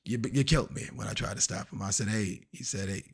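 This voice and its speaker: A man streaming a game, chatting casually and acting out the people in his stories in an animated way. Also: fairly low pitch, fast, vocal fry, husky. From Washington, DC area. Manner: animated, acts out quoted people. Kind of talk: casual storytelling while gaming.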